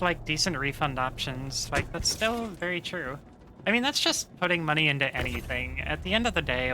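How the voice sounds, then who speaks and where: A woman streamer chatting casually with viewers while playing, relaxed and profane, rambling with lots of fillers. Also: low-pitched, a little hiss or hum. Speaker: game streamer. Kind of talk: casual stream chat reading viewer messages.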